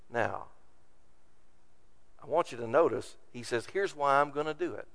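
A man's voice: medium pitch, normal speed, pauses often, fairly bright tone. A man preaching a sermon, reading scripture aloud and acting out the complaints of the people. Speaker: pastor.

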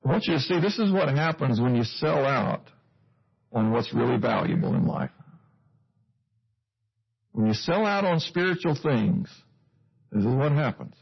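A man's voice: medium pitch, sing-song, unhurried, creaky, pauses often, husky. A male preacher giving a sermon, teaching earnestly and putting questions to his listeners, on a dull lo-fi recording.

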